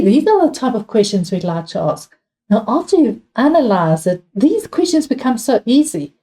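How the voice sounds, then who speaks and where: A woman's voice: medium pitch, mellow. A woman with a South African accent teaching an English exam revision lesson, patient and repeating key points while asking her students questions.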